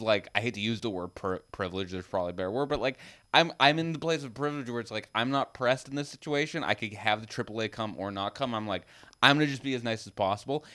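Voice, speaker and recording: A man's voice: mid-range voice, a bit bright. A young adult man co-hosting a podcast, telling stories in casual chat, acting out quotes and swearing freely. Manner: storytelling with acted-out quotes, profane. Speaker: podcast co-host.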